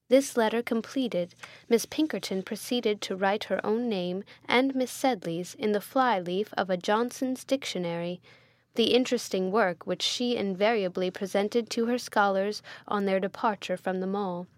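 An audiobook narrator, a woman with a middle-pitched voice, reads a classic novel in a measured, formal manner. The recording is dry and close, with no room sound.

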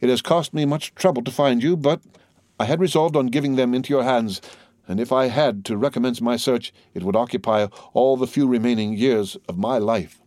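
A man's voice: medium pitch, fairly quick, a little mellow, no room sound, clean studio sound, close to an everyday voice. A man reading aloud who voices a grave, stiffly dignified older father figure.

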